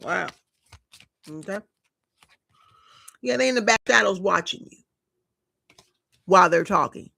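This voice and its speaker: A woman's voice: mid-range voice, expressive, a little slow, vocal fry, pauses often, bright, forceful tone. A woman giving a live collective tarot reading, talking casually and directly to her viewers with slang and frequent chatty asides. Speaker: tarot reader.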